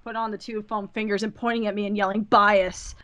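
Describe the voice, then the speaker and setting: A woman chatting casually as a podcast guest, animated and gushing, with lots of "like". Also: mid-range voice, fast talker.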